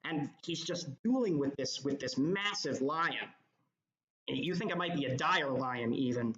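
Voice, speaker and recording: A man's voice: mid-range voice, unhurried, a bit bright. A man running a tabletop game as game master, narrating descriptively with frequent ums, in an echoey, dull lo-fi recording. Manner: rambling descriptive narration with fillers.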